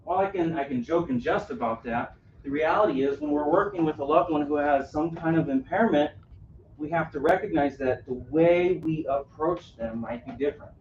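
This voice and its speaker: A fairly high, slightly mellow male voice comes through at normal speed against a little background noise. He presents a caregiving workshop to a live crowd aboard a cruise ship, engaging listeners with questions and repeated "right?". The audio is distant, roomy and dull.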